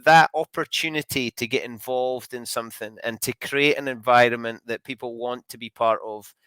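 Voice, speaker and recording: A man's voice: mid-range voice, fairly even intonation, moderate pace, a bit bright, clear, resonant tone, dry recording. A man hosting a podcast, asking long, rambling interview questions with frequent restarts. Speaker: podcast host.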